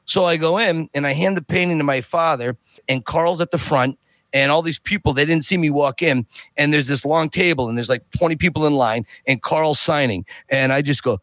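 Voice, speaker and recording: A middle-aged man, a podcast guest, telling a long story in a lively way and acting out what people said. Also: on the high side, fairly quick, no room sound. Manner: lively, acts out other people's lines while telling. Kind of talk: animated anecdote telling.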